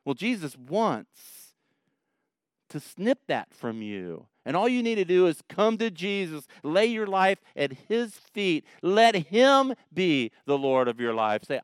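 A man preaches a sermon in a smooth, resonant voice. He pitches fairly high, and his delivery moves between quiet earnest passages and animated stories. The sound is dry and close. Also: takes it slowly, no echo. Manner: animated storytelling, acts out voices and shouts, laughs at own jokes. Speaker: pastor.

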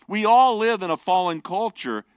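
A man preaching a sermon, animated and emphatic as he explains scripture to his congregation. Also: high-pitched, moderate pace, clean tone, no room sound. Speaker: pastor.

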